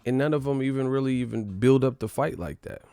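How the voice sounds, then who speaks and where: A man's voice: mid-range voice, brisk, vocal fry, dark tone, clean tone, dry recording. A man hosting a boxing show, ranting in casual live commentary, blunt and profane, rambling with laughs.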